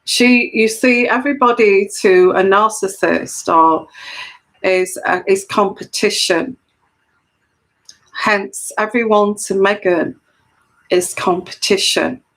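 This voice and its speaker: A woman's voice: mid-range voice, slow, fairly bright tone, low-quality recording. A woman who reads tarot, talking earnestly to camera and explaining her point, often repeating phrases for emphasis. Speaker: intuitive tarot reader. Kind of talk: solo camera monologue of personal commentary.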